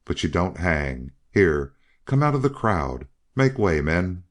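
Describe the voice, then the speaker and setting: A man's voice: sits low, sing-song, slow pace, full character voice. A man voicing a tense young cowboy who speaks urgently in an audiobook western.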